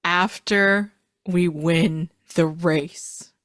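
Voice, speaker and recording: A woman tabletop player speaking bluntly and deadpan. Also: fairly low pitch, drawn-out words, no echo, studio quality.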